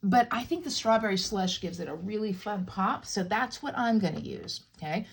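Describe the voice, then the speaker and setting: A woman's voice: mid-range voice, lively intonation, moderate pace, creaky, slightly rough. A middle-aged woman hosting a crafting tutorial, chatting playfully with viewers as she demonstrates and jokes along the way.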